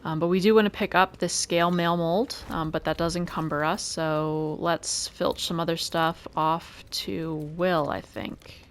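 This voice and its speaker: A woman doing let's play commentary, calmly calling out each move and roll of a turn-based game. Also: fairly low pitch, measured pace, a little hiss or hum. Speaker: gaming video creator. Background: faint game music.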